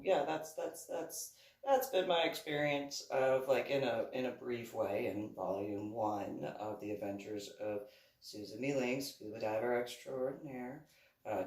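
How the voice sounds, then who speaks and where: A woman rambles slowly and casually through a personal story, with her speech full of "like" and "you know". Her voice bounces around an echoey room. She sits some distance from the mic. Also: rumbling low, darkish tone. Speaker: author reading and commenting on her book.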